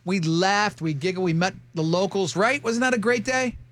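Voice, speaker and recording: A man in his fifties, chatting casually and telling rambling, animated stories about his marriage with lots of restarts. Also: sits high, normal speed, dry recording. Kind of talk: casual chat.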